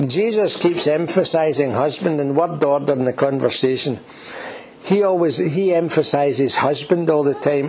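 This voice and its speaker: A man's voice: a little high, breathy edge, poor audio. A man preaching a sermon in church, earnest and emphatic, who repeats key words and asks his listeners questions.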